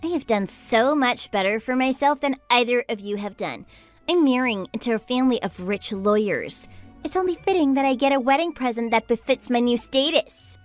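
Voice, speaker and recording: A woman voicing an entitled, demanding young sister-in-law who yells and bosses people around. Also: expressive, moderate pace, soft background music, lightly acted. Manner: demanding, shrill, yelling. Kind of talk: texting-story voice acting.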